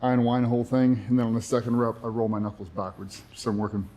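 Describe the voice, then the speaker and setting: Fast-talking bro-ish gym guy. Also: medium pitch, level tone, dark tone, slight background noise. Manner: bro-ish, swearing, joking. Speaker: co-host trainer. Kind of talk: casual banter and exercise tips.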